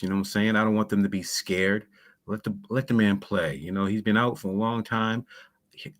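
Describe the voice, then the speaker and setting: Laid-back low-voiced sports co-host. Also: male voice. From Boston area. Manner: casual, laid-back, says "you know what I'm saying". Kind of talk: sports talk chat.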